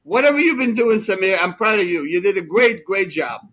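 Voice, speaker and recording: A man putting on an excitable older male magazine publisher, exclaiming in a raised voice. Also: sits high, fast, voice pushed up. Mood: excited.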